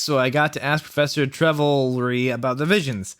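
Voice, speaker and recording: Animated young man reading aloud. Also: a little high, moderate pace, clean tone, no room sound. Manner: animated, laughing through lines. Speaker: YouTube reader.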